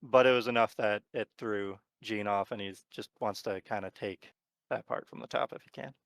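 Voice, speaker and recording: A man narrating as game master of a tabletop horror game, talking in a relaxed, rambling way with lots of fillers. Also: on the low side, moderate pace, creaky, no room sound.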